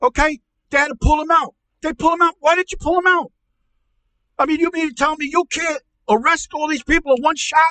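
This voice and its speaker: A man playing a ranting, profane, angry middle-aged uncle on a comedy podcast, stammering and repeating himself as he yells. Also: very high-pitched, fairly even intonation, fairly quick, rough recording. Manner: yelling, profane, repetitive stammering rant.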